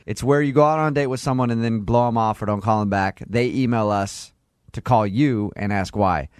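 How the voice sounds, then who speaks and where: A man's voice: on the low side, a little fast, clean tone, dry recording, clean studio sound. A man hosting a morning radio show, playful and teasing, laughing often as he talks to callers. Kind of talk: morning radio prank-call chat.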